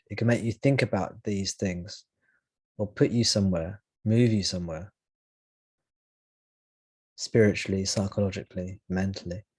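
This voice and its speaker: A man with a low, steady voice leads a spiritual satsang over a call, thinking aloud as he goes. His phrasing is reflective and he often restarts a sentence mid-thought. The sound is close and dry, with no room around it. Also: slightly rough, no room sound. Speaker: spiritual teacher. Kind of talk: live satsang talk.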